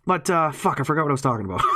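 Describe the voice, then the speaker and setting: Profane, rambling man with a lively voice. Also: fairly high pitch. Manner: profane, rambling, laughs mid-sentence. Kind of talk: ranting monologue to an audience.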